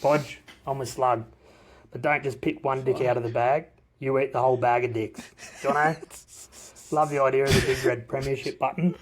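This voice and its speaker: A man's voice: medium pitch, steady tone, a little fast. A man in a recorded voice message to a podcast, cheekily roasting the hosts. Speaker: listener sending a voice message.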